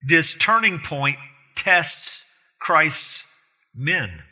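A man's voice: fairly high pitch, very animated, very slow, sharp tone. A man preaching an expository sermon, earnest and emphatic, often putting rhetorical questions to his listeners. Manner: emphatic, rising in force on key points.

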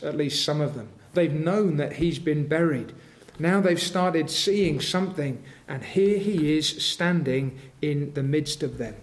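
Slow, high-voiced preacher. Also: male voice. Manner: earnest, rising to emphatic intensity. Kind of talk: sermon.

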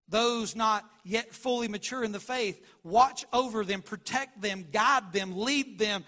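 A man preaching a sermon as a pastor, passionate, moving between hushed and loud delivery. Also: high-pitched, unhurried, few pauses. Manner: passionate, shifts from quiet to loud.

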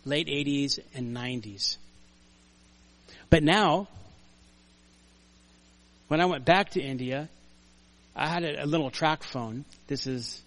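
An older man preaching a conversational sermon in a church, earnest and story-driven, dropping to quiet asides and rising to loud emphasis. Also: medium pitch. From United States. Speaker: pastor. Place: church sanctuary.

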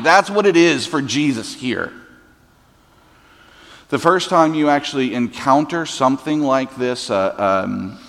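Male pastor preaching slow and chatty, cracks jokes, big church echo. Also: mid-range voice, fairly bright tone. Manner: conversational preaching with humorous asides. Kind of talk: sermon. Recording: long church hall reverb.

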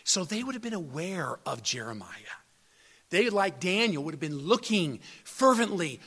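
A man preaching a sermon in an earnest style, slowing down to stress quoted scripture and often restarting words. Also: sits high, big pitch swings, fairly bright tone, husky. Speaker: pastor.

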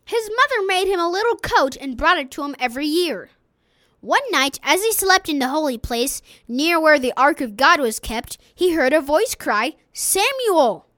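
Earnest woman reading a sermon, high voice. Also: expressive, moderate pace, bright, forceful tone, dry recording. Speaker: audiobook reader.

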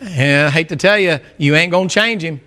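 A man's voice: a little high, brisk, pushed and bright, a little hiss or hum. A man preaching a sermon, folksy and joking, calling out to the congregation for responses. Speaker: pastor.

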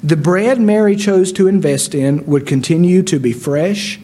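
A man preaching a sermon, expressive, acting out the words of biblical figures with rising and falling loudness. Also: high-pitched, unhurried. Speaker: pastor.

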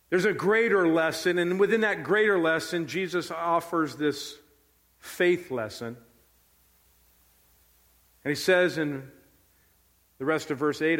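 A male pastor preaching a sermon with animated, emphatic storytelling. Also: a little high, a little slow, long pauses. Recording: long hall reverb.

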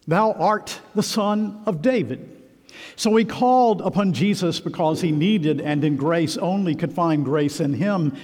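A man preaching a sermon in a church, earnest and emphatic with measured pauses. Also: high voice, darkish tone. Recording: long reverb of a large hall.

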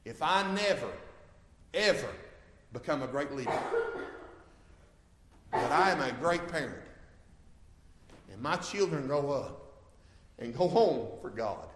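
A man preaching a sermon as pastor, impassioned and swinging from quiet stretches to loud ones. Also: fairly high pitch, slight background noise. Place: church sanctuary. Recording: echoey church hall.

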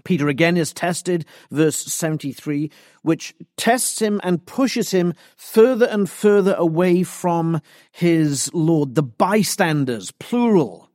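A man preaching an expository sermon, deliberate and emphatic. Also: on the high side, expressive, a little mellow, no echo, clean studio sound.

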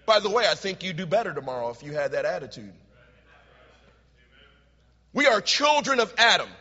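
High-voiced preacher in an echoing hall. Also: male voice, sing-song, moderate pace, pauses often. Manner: preaching with dramatic swings from loud shouts to hushed tones. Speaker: pastor. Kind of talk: sermon. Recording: hall reverb, dull lo-fi sound.

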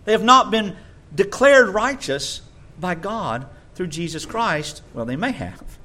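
Bright, animated preacher man. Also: a little slow. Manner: animated, mocks others in high voices. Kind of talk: sermon.

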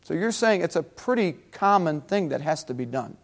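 A man preaching a sermon, animated and talking directly with his congregation. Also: a little high, normal speed. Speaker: pastor.

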